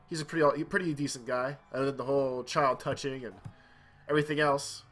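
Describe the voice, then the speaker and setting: A young man hosting a let's play, telling a rambling childhood story in a casual way while playing. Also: medium pitch. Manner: rambling, animated anecdote with quoted voices. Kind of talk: casual storytelling over gameplay.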